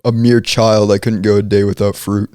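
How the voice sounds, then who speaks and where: A young man co-hosts a casual podcast, speaking in a relaxed, deliberate way with frequent small restarts. His voice is mellow and soft-edged. It is recorded close and dry. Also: lowish voice, clean tone, dry recording. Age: young adult. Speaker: podcast co-host. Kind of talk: casual podcast chat and reading posts aloud.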